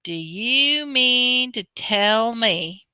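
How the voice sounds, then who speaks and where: A woman voicing a huge, gruff but big-hearted male giant, speaking slow and booming. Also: sing-song, sharp tone, dry recording, clean studio sound, exaggerated voice. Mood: indignant.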